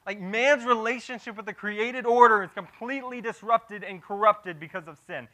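Working through a passage verse by verse, a man delivers an expository sermon in a fairly high, bright voice with a sharp edge. He drops to a grave hush on weighty points, then climbs to loud, animated emphasis, often restarting and repeating words as he improvises. His pace is moderate and the recording quality is low.

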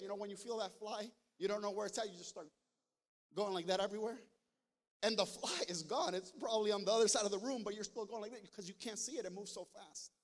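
A man preaching a sermon as pastor, talking straight to his congregation and building to loud, emphatic passages. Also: high voice. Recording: long hall reverb.

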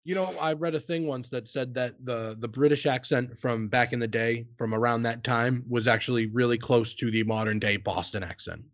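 A man's voice: medium pitch, normal speed, hardly any pauses, no room sound. A young American man in casual podcast banter, talking crudely and laughing often. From United States. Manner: laughs a lot, animated and crude.

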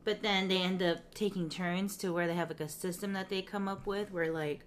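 A woman's voice: on the low side, fairly even intonation, a little fast, a little hiss or hum. A woman co-hosting a podcast, casually recapping a sitcom episode and peppering it with "you know" and "like". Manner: chatty, fills with "you know" and "like", laughs often. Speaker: podcast co-host.

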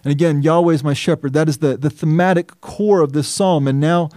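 A man preaching a sermon as pastor, reading scripture in a measured, earnest and emphatic way. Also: fairly high pitch, a little mellow, no room sound, studio quality.

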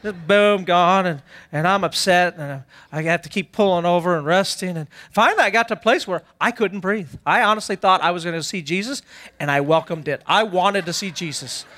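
High-voiced, self-mocking preacher. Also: male voice, a little fast, pushed and bright. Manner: self-deprecating comic storytelling. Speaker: pastor. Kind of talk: humorous sermon storytelling.

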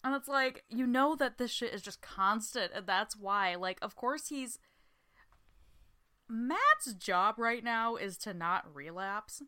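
A woman's voice: a little high, animated, slow, pushed and bright, clear, resonant tone. A young woman co-hosting a podcast, recapping a reality show in casual chat, swearing freely and laughing often. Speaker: podcast co-host.

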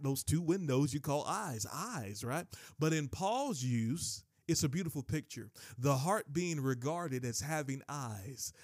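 A man's voice: fairly high pitch, dry recording, clean studio sound. A man preaching a sermon with emphatic delivery, often repeating and restarting his phrases. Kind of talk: sermon teaching.

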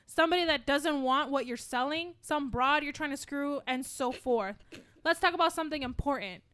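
A woman reading the part of a crude, commanding male sales boss in an amateur scene reading on a podcast, delivered loudly and assertively. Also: high voice, normal speed. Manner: loud, assertive line reading.

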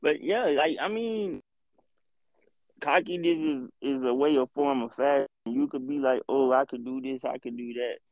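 A man's voice: medium pitch, moderate pace, no echo. A man in casual chat, laid-back and agreeable, telling a story. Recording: dull, dry recording.

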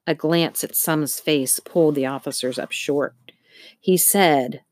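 Woman narrator, low voice, dry close sound, steady reading. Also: measured pace, no room sound. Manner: steady storytelling, occasional slips. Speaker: audiobook narrator. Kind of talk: scripted narration.

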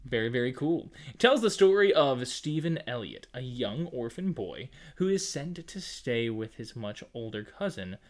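A man's voice: mid-range voice, sing-song, moderate pace, few pauses. A man co-hosting a podcast in casual, playful chat, laughing often and breaking into jokey bursts. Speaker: podcast co-host.

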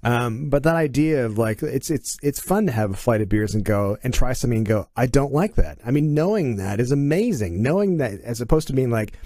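A man's voice: medium pitch, expressive, a little fast, few pauses, warm tone, no echo. A middle-aged man from Canada, a podcast guest telling stories in casual conversation and acting out quoted dialogue with animation.

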